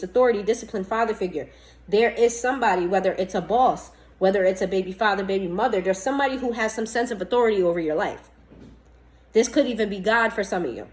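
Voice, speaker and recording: Woman, higher voice, tarot reader, blunt, chatty. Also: low-quality recording. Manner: blunt, scolding, chatty, laughs often. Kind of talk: casual tarot reading to camera.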